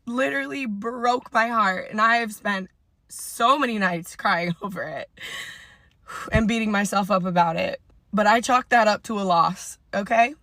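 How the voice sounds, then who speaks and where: A woman's voice: medium pitch, normal speed, a bit bright, no echo. A woman fitness trainer recording a vlog in her parked car, emotional and holding back tears, stressing her points by repeating them.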